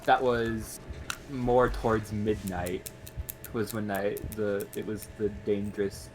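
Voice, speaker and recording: A man playing his character in a tabletop role-play, speaking haltingly and laughing off his own remarks. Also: on the low side, little pitch movement, music in the background. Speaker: player. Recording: noisy background hiss.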